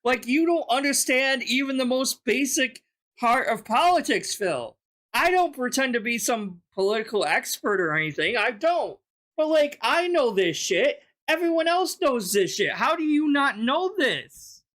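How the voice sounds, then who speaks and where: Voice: sits high, very animated, a little slow, a bit bright. A reaction-channel host giving casual, exasperated, sarcastic commentary with heavy swearing.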